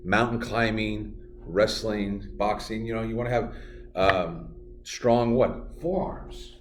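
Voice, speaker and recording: A man's voice: on the low side, slight background noise. Playful teacher man in an echoey room. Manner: playful, jokey, repeats words slowly for students. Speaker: Spanish teacher. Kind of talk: remote classroom lesson. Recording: echoey room, from far off, faint music.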